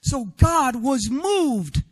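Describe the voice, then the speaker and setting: A man preaching a sermon in an expressive way, sometimes getting loud and often adding a questioning "right?" to his points. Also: very high voice, very slow. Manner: rhetorical "right?" asides.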